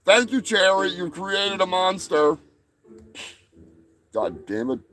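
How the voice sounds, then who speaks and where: A man's voice: high voice, big pitch swings, slow pace, fairly bright tone. A man hosting a comedy livestream, talking in a rambling, crude and profane way. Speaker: show host. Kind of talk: casual comedic livestream talk.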